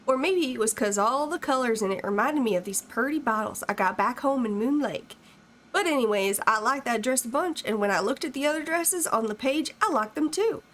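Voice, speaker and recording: A woman's voice: on the high side, expressive, a little fast, fairly bright tone, slight background noise. A woman streamer voicing an earnest small-town country woman writing a fan letter, in a put-on rural American country drawl with a folksy, plainspoken manner.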